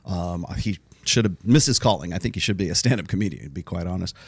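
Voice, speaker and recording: A man from Southern California, a guest talking in a measured, easygoing way. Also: sits low, animated, gravelly, slightly rough, no echo. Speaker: podcast guest. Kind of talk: casual podcast conversation.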